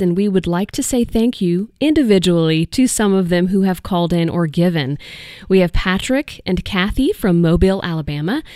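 A woman's voice: mid-range voice, darkish tone, no room sound, clean studio sound. A woman hosting a radio fundraiser, thanking listeners in a friendly, chatty way. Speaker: radio host. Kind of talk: casual on-air fundraising talk.

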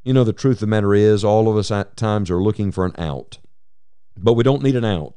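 A man's voice: lowish voice, a little fast, warm tone, smooth, no room sound. A man delivering an urgent, exhorting sermon. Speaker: Bible teacher.

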